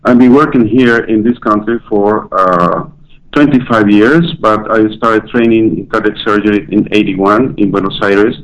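Low-voiced man on a dull line. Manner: halting, with restarts. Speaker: cardiac surgeon, phone guest. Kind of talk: phone interview.

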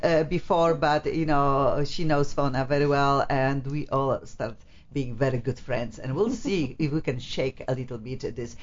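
A woman's voice: very deep voice, unhurried, highs cut off. A woman hosting an interview show, effusive and searching for English words. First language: Polish. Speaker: host.

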